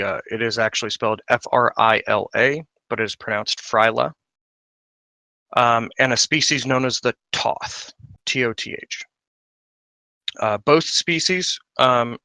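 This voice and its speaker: Hesitant game master, gravelly and bright. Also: male voice, medium pitch, no room sound. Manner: rambling, hesitant with many fillers. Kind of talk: narrating a tabletop game in character.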